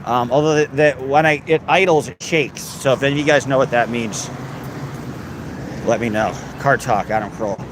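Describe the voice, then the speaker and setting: Here a man of medium pitch talks at normal speed while hosting a laid-back livestream. He reads comments out loud and throws in crude, mock-threatening jokes, with noisy outdoor sound behind him.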